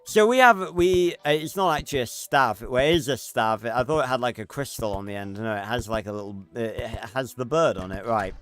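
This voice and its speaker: A male streamer talks casually over his gameplay, rambling with plenty of ums and restarts. His voice sits at an ordinary middle pitch. Faint game music plays quietly under him. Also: expressive, moderate pace, clean tone. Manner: chatty, rambling with many fillers. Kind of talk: casual gameplay livestream chat.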